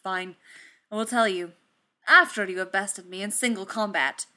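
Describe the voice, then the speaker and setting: A woman reading aloud, voicing a grave, proud male warrior god who speaks in a formal, old-fashioned way, low and quiet. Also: normal speed. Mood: amused.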